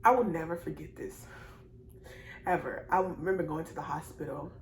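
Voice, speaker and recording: Speaking at normal speed, a low-voiced young vlogger shares her own story straight to camera in a rambling, repetitive way. She gets emotional, apologizing and laughing through tears, while the echoey room carries faint noise.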